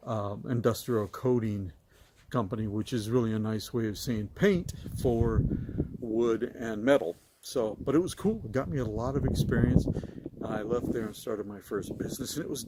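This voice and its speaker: A man's voice: on the low side, background noise. A middle-aged man telling his own story in a casual, rambling way with many fillers and restarts.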